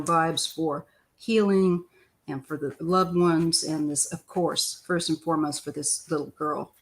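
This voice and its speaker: An older Missouri woman with a lowish voice does a tarot reading on a live stream, chatting loosely. She clears her throat often.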